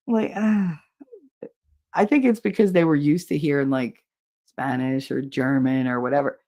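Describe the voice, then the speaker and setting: A woman from New Jersey with a New Jersey accent, hosting a podcast in casual chat, animated and exasperated, swearing freely. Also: low-pitched, unhurried, long pauses. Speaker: podcast host reading live chat.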